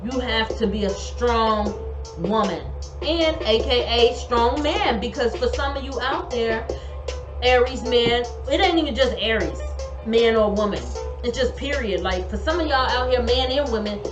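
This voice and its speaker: A woman's voice: on the high side, measured pace, dull audio. A woman giving an online tarot reading in an emphatic, colloquial way, repeating her advice. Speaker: tarot reader. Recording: echoey room, music behind.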